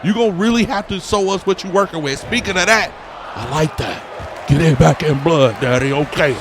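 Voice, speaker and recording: A man doing casual, slang-heavy commentary over a basketball video game, getting loud and singing along with the plays. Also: on the high side, normal speed, noisy background. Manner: hype, slangy, shouts and sings along with the play. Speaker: gaming YouTuber. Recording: loud game music behind the voice.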